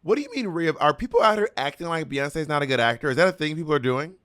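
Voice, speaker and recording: A man with a fairly high speaking voice, chatting on a podcast. He tells stories emphatically and with animation, pressing his points hard. He speaks into a mic on a video call. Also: animated, fast talker, fairly bright tone. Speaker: podcast co-host. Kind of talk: casual chat.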